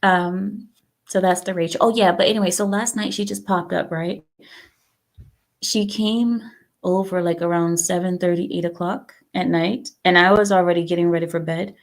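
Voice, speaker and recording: A woman hosting a casual livestream, chatting to her viewers and acting out what others said. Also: moderate pace. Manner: chatty, talks to viewers, acts out quotes with lively pitch. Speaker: livestream host.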